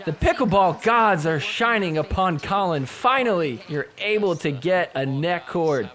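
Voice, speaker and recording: Animated man joking through a sports recap. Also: high voice. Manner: animated, mocking players with quick put-on voices; swears casually. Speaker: podcast host recapping matches. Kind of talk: casual sports recap commentary.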